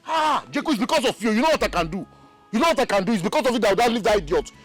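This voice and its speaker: An actor with a Nigerian accent playing an excitable, gossipy young village man. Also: high voice, soft background music. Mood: indignant. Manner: excitable, fast-talking. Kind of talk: film acting.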